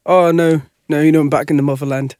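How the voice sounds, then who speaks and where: A man joining a casual podcast as a guest, jokey, with quick comebacks. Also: a little high, steady tone, darkish tone, clean tone.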